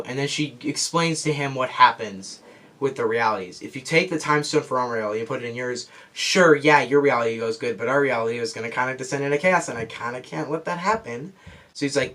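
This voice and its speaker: A man's voice: medium pitch, a little fast, fairly bright tone. Breathless rambling male movie reviewer. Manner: rambling, loses track and restarts. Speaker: film reviewer. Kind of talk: casual spoiler movie review.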